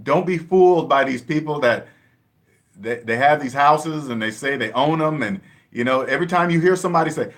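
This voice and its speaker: Man, emphatic repetitive lecturer, casual vlog delivery, slightly raised pitch. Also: moderate pace, fairly bright tone. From Seattle area, USA. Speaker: personal finance vlogger. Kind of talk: casual monologue to camera.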